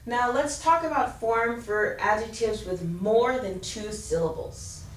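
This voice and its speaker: A woman teaching an English grammar lesson, explaining slowly and clearly and spelling out letters. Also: on the high side, a little hiss or hum. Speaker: ESL teacher. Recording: roomy, distant mic with faint ambience.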